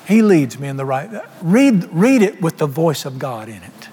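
A man's voice: fairly high pitch, very animated, normal speed, few pauses, warm tone, slightly rough. Folksy preacher man in reverberant hall. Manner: folksy and humorous; colloquial plain speech. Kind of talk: sermon. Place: church sanctuary. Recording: long hall reverb, faint music.

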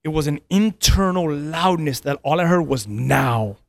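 A man in his thirties who is a pastor shares a personal story on a podcast, his voice a bit high, slightly mellow, and at normal speed. He's earnest, frequently repeats words, and laughs between lines.

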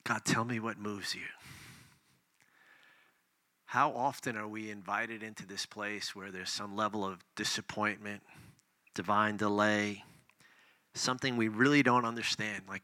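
Preaching man, bright and intimate. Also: fairly low pitch, flat delivery, measured pace, long pauses, no room sound. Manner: impassioned, swings between loud emphasis and hushed near-whispers; reads scripture then explains it conversationally. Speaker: pastor. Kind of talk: sermon.

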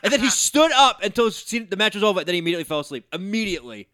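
A man co-hosting a casual sports podcast, joking and telling quick, excitable stories about his young son. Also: high-pitched, dry recording, studio quality. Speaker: podcast co-host.

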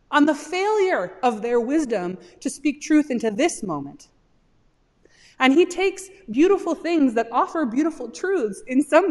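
A woman pastor giving a sermon, talking in an animated way and rising into impassioned pleas when she voices a suffering man. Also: on the high side. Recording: long hall reverb.

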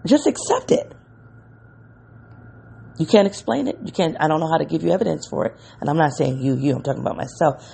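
Solo podcast host thinking out loud, gravelly husky voice, dark tone, kinda emotional, keeps restarting. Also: mid-range voice, lively intonation, a little hiss or hum. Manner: halting, searching, self-correcting. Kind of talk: reflective solo monologue.

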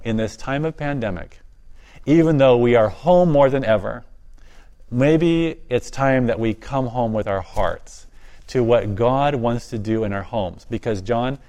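An earnest man speaks as an interview guest, his voice sitting at an ordinary middle pitch. He talks with eager enthusiasm, often laughing lightly between his points. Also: a little slow, warm tone. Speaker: guest, ministry volunteer and author. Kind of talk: interview conversation.

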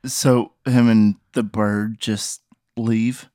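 A man playing along in a game with short, deadpan replies. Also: fairly low pitch, very slow, no room sound, clean studio sound. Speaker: player. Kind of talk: casual play.

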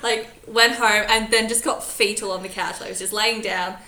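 A woman's voice: mid-range voice, moderate pace, echoey room, poor audio. A young woman, a teacher and podcast co-host, chatting casually and acting out the people in her stories. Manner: animated storyteller, acts out quoted voices. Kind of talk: casual chat.

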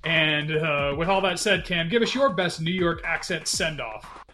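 A man's voice: fairly high pitch, unhurried, noisy background. A man hosting a podcast, upbeat and laughing, wrapping up a casual chat. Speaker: podcast host.

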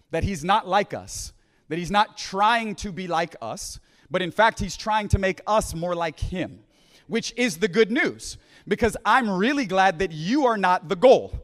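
A man preaching a conference sermon, repeating phrases and asking "right?", dropping to a hush when he quotes scripture. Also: sits high. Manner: repeats phrases, restarts, "right?" asides, drops to hushed quoting. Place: large conference hall. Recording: reverberant hall.

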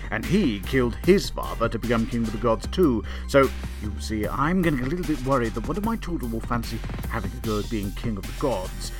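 A man's voice: expressive, a little fast, few pauses, over music, natural voice. A man voicing a theatrical, anxious king of the gods, pompous and hammy in his delivery. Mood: conspiratorial. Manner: pompous, hammy, swoops high and low. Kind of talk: comedy audio sketch.

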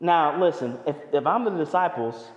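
A man's voice: a little high, animated, normal speed, reverberant, big-room sound. A male pastor preaching a sermon in an emphatic, conversational way with touches of humor.

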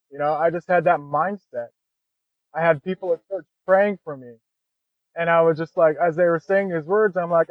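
A man's voice: fairly high pitch, moderate pace, no echo. A man as a podcast guest, telling his own story in a candid, conversational way and often adding "man" and "you know". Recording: dry, phone-like narrow sound.

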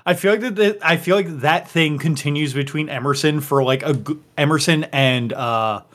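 A man's voice: on the high side, moderate pace, a bit bright. Giggly man with a slipping drawl. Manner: laughing, stumbling into a put-on country drawl. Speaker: game master. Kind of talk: out-of-character banter in an online tabletop game.

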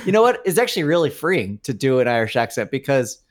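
Animated, lively-voiced male podcast co-host. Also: mid-range voice, fast talker. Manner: animated storyteller, laughs often. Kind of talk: casual chat.

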